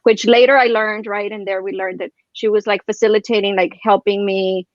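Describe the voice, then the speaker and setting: A woman's voice: medium pitch, brisk, no room sound. Chatty woman with a dry, dull sound. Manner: animated, rambling, lots of "like" and "right?". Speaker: guest. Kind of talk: casual storytelling chat.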